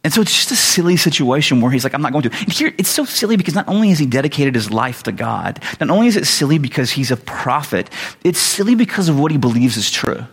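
A pastor with a husky voice delivers a loose, conversational sermon full of joking asides. His voice sits a bit high for a man, and a long reverb hangs off every phrase in the hall. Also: sing-song, fast.

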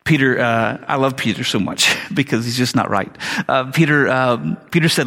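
A man's voice: mid-range voice, moderate pace, sharp tone. A man preaching a casual, conversational sermon in slangy everyday words, acting out the people he quotes. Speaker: pastor. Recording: long hall reverb.

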